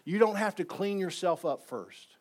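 A man preaching a sermon in a church, moving between quiet, intimate lines and emphatic ones, and inviting the congregation to respond. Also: high voice, expressive, normal speed. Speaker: pastor. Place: church sanctuary.

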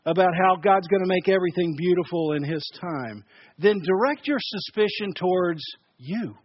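A man preaching a sermon as pastor, emphatic, dropping loud and soft and repeating words as he builds points. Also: high voice, normal speed, dry recording, muffled recording.

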